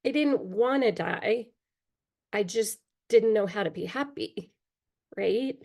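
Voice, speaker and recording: A middle-aged woman speaking as an interview guest, recounting her own life in a candid, halting way. Her voice sits at an ordinary middle pitch, broken by pauses and small fillers. Now and then she clears her throat, bothered by allergies. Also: animated, a little mellow. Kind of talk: personal storytelling in an interview.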